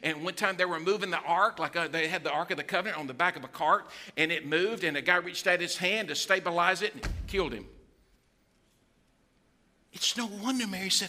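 A male pastor, preaching a sermon with animated storytelling and acted-out quotes. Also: high-pitched, fairly quick.

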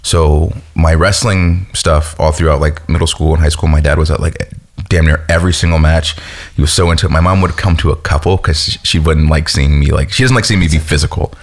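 Young guy with a super deep voice, laid-back rambling chat, wrestler guest. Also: fairly even intonation, fairly quick. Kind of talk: casual storytelling chat.

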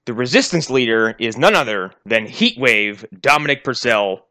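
Wry, bright-voiced man trading jabs. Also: mid-range voice, expressive, normal speed, dry recording, studio quality. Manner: wry, sarcastic, profane. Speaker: podcast co-host. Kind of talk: casual movie review chat.

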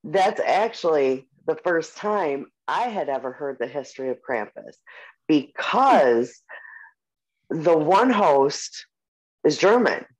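A podcast co-host in their forties chats casually in a medium-pitched, animated voice, taking things slowly. The talk rambles, packed with "like" and "um" and easy swearing, and the audio is muffled and lo-fi.

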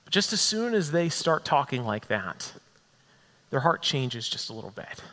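A man's voice: medium pitch, big pitch swings, moderate pace, pushed and bright. A man preaching a sermon with a dramatic delivery full of repetition, rising and falling for emphasis. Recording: echoey hall with long reverb.

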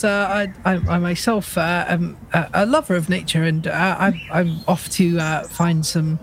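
A male player in a tabletop game, voiced high and talking in a flustered, stammering way. Faint noise sits behind him. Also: steady tone, moderate pace, creaky, few pauses, rough recording. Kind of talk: tabletop role-play.

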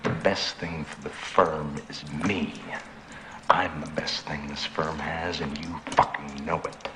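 A man's voice: a bass voice, flat delivery, takes it slowly. An actor playing an ambitious, spiteful male executive in film dialogue, urgent and bitter. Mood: furious. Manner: urgent, pleading then bitter. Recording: film audio with ambient noise.

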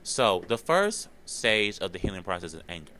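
Male podcast host, lowish bright voice, slangy and expressive, swears freely. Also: normal speed. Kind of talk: casual podcast monologue.

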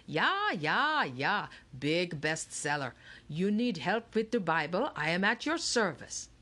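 A woman's voice: lowish voice, big pitch swings, sharp tone, full character voice. Woman voicing a jovial German-accented ghostly printer. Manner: slow, hearty, proud. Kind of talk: audiobook narration.

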